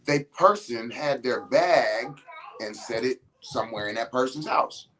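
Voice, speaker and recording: A man riffing on his own show in a loose, conversational monologue. He is blunt and profane, leans hard on his points, and stumbles into restarts as he spins anecdotes. His voice sits at a middling pitch. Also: measured pace, fairly bright tone, low-quality recording. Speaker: podcast host. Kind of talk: casual monologue to listeners.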